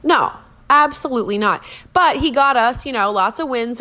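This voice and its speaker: A woman's voice: on the high side, lively intonation, fairly quick, pushed and bright. Chatty rambling woman podcast host. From Minnesota. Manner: chatty and rambling, self-deprecating humor. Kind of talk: casual chat.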